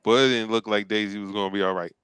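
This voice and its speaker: A man hosting a casual talk show, telling a story in a relaxed way and acting out the dialogue. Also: lowish voice, fast, smooth, no echo. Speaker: host.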